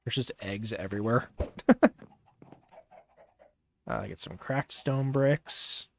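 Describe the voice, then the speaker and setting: Slow, rambling young male streamer. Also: mid-range voice, vocal fry, slight background noise. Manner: relaxed, rambling, many fillers and pauses. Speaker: livestreamer. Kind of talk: casual gameplay commentary.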